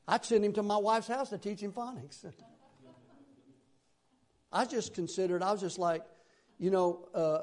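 A middle-aged man from Tennessee with a Southern accent, preaching a sermon in a folksy, rambling way with sudden loud bursts. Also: high-pitched, a little fast. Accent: Southern American. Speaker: pastor.

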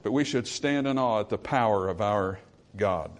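A male pastor preaching a sermon, swinging from forceful emphasis to hushed, quiet lines. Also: fairly low pitch, moderate pace.

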